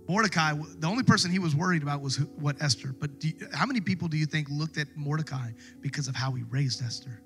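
A pastor preaching a sermon in a church service, retelling a story with lively acted voices. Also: male voice, fairly high pitch, fast, few pauses, soft background music.

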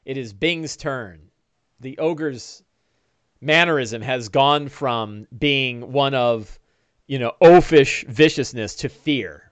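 A man's voice: mid-range voice, slow pace, clean tone. Guy running a d&d session, kinda rambly narration, dry no-echo mic. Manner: descriptive, loose narration full of "uh" and "kinda". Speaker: game master. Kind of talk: narrating a one-on-one tabletop game.

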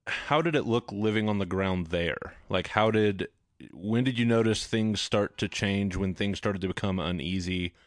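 A man with a Texan accent hosting a casual interview, relaxed and hesitant, with many fillers. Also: fairly low pitch, moderate pace, hardly any pauses, no echo, clean studio sound. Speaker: podcast host interviewer.

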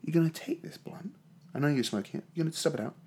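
A man's voice: racing, darkish tone, husky. A man improvising a ruthless rich father who coolly talks his teenage daughter through a cruel scheme. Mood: scheming. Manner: low, menacing, matter-of-fact scheming. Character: ruthless rich pot-smoking New York dad.

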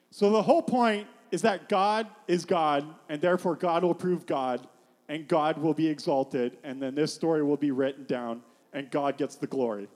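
A man's voice: a little high, moderate pace, a little mellow, long reverb tail. A man preaching a casual, rambling sermon, full of fillers, often stopping to put questions to his listeners.

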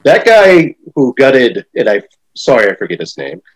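A man's voice: mid-range voice, wildly swooping pitch, normal speed, low-quality recording. A middle-aged man hosting a podcast interview, talking in a hesitant, rambling way with lots of fillers. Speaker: podcast host. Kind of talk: casual interview chat.

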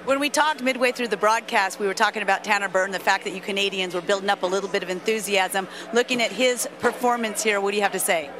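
A woman broadcast reporter asking brisk, direct interview questions. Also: medium pitch, fairly even intonation, background noise.

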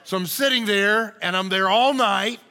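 A man pastor, telling an animated, joking story in a sermon. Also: high-pitched, normal speed, long reverb tail. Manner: animated, jokey, acts out shouting crowds.

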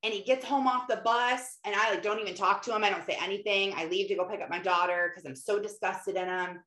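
Brief: animated woman, casual faith talk, lively delivery, roomy echoey room. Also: medium pitch, fast talker. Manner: animated, often acts out quotes, many fillers. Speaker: mother and Christian speaker. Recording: roomy echo.

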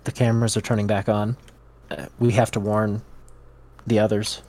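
A man's voice: on the low side, little pitch movement, moderate pace, a little mellow, a little hiss or hum. A man playing a tabletop game, chatting casually and joking in mock indignation. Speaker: player.

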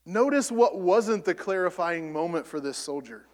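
A man preaching a sermon, rising to loud emphatic peaks and falling back soft. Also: high voice, expressive, moderate pace, hardly any pauses, in a large hall. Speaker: pastor.

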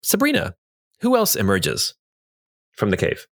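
A man narrating a tabletop game as game master, expressive and lively. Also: on the low side, unhurried, no room sound, studio quality.

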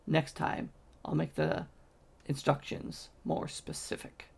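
A man's voice: on the high side, flat delivery, slow, vocal fry, slightly rough, exaggerated voice. A man voicing a scheming male magician who speaks in a clipped, cold, commanding way. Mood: cool.

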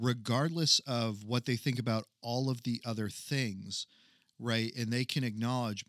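Male co-host, mid pitch, thoughtful and measured, dry close mic. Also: steady tone, fairly bright tone, no room sound. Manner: measured, reasoning aloud with many restarts. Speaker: podcast co-host. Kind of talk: casual chat.

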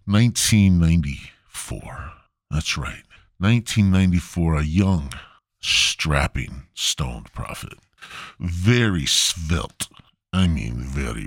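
Man, very deep voice, lively swings in pitch, crude rambling podcast storyteller, dry close mic. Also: no room sound. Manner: rambling, crude, self-mocking. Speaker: podcast host.

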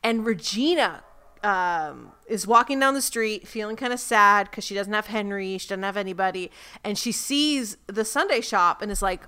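A woman's voice: mid-range voice, normal speed, bright, forceful tone, smooth. A young woman co-hosting a casual TV recap chat, thoughtful, retelling scenes with little laughs. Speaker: podcast co-host.

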